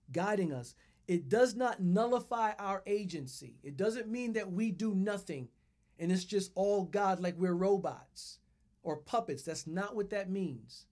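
A man's voice: sits high, darkish tone. A man preaching a sermon and leading his listeners through repeated phrases with strong emphasis on each word. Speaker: pastor.

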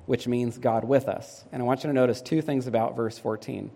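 A man's voice: mid-range voice, fairly quick, creaky, hardly any pauses, dark tone, big-room sound. A man preaching a sermon as a pastor, often putting questions to the congregation and shifting his emphasis.

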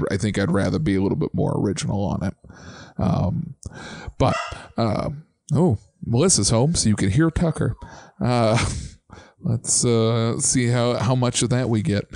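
A man hosting a casual podcast chat, relaxed and full of ums, now and then singing chant lines. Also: on the low side, creaky, no room sound, studio quality. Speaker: podcast host.

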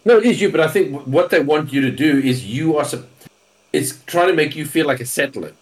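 A man's voice: on the high side, expressive, brisk, slightly rough. A man co-hosting a podcast in casual chat, rambling and repeating words as he thinks. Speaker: podcast co-host.

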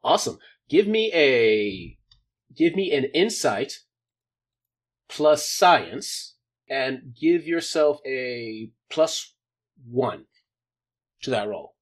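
A man's voice: mid-range voice, big pitch swings, extremely slow, pauses often. A man running a tabletop role-playing game as game master, joking about how his plans went wrong. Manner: jokey, laughing at his own plans going wrong.

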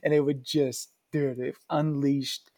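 Man, ex-pitcher, relaxed storyteller, mid-pitched voice, loose casual delivery. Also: slow pace. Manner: laid-back, says "dude" a lot. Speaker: former pitcher sharing stories.

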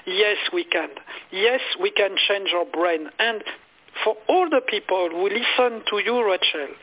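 A man's voice: sits high, lively intonation, unhurried. A man guest speaking as a meditation teacher in an interview, earnest and emphatic, repeating his phrases for effect. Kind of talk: interview storytelling. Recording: phone-line call audio.

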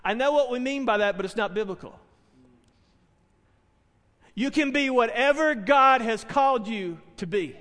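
A man's voice: very high voice, a bit bright, long reverb tail. A man preaching a sermon, telling stories earnestly and building to emphatic proclamations. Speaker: pastor.

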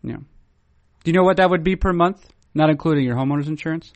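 Mock-formal, playful man, fairly high voice. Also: brisk, no echo. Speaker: podcast host. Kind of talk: casual podcast chat.

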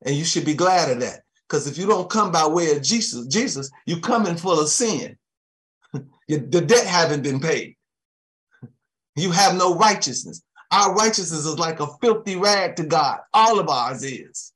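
This man's voice sits on the high side and is expressive, moving at a normal speed. He delivers a sermon, laughing often and murmuring amens and gentle thanks to Jesus between points.

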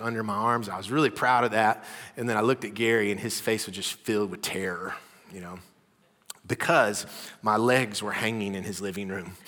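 A man preaching a sermon, telling personal stories with animated energy that drops to a hushed voice. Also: lowish voice, long reverb tail. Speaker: pastor. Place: church hall.

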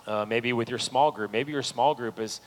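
A man preaching a sermon as pastor in a church, talking earnestly to the congregation and building to loud, pleading peaks. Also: medium pitch, normal speed, rough recording. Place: church sanctuary.

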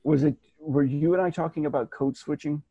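A man chatting casually as a podcast co-host, rambling and animated, restarting his sentences and slipping into mock voices. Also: fairly high pitch, brisk, slightly rough, no room sound, lo-fi sound. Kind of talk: casual chat.

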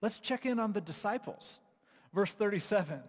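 Male pastor, slightly higher voice, casual emphatic sermon delivery, long hall reverb. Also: animated, moderate pace. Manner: conversational, emphatic, with frequent fillers.

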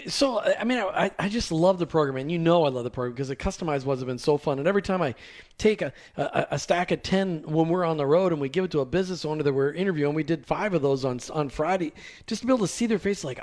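High-voiced enthusiastic radio host. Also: male voice, expressive, fast talker, darkish tone. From New Jersey. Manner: enthusiastic, repeats details for listeners. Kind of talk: talk radio hosting.

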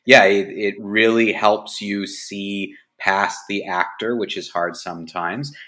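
A man's voice: on the low side, steady tone, slow, sharp tone. A man co-hosting a podcast, agreeing and thinking aloud with restarts. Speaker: podcast co-host. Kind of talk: casual movie discussion.

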